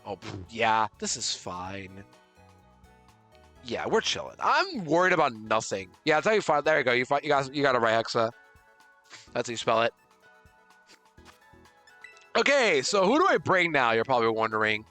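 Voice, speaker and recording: Bright-voiced excitable male streamer. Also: mid-range voice, moderate pace, long pauses. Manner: excitable, swings from panicked exclamations to relaxed chatter with chat. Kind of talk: live gameplay commentary. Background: faint game music.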